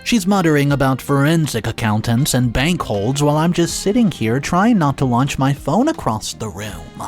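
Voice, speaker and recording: A man narrating a dramatic first-person story in a sarcastic, exasperated and animated way. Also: medium pitch, moderate pace, soft background music.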